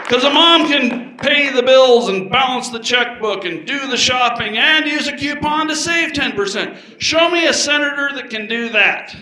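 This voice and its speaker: A man's voice: very high-pitched, pushed and bright, roomy sound, poor audio. A man doing a stand-up comedy routine, telling stories with punchy delivery and switching his voice for characters. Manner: storytelling with punchy delivery and quick voice changes for characters.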